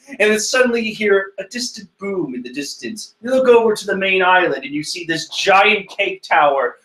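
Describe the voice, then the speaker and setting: A man's voice: sits high, expressive, moderate pace, hardly any pauses, fairly bright tone. A young man chatting casually as he reacts to a comic, rambling and full of fillers. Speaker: manga reaction host. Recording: echoey room.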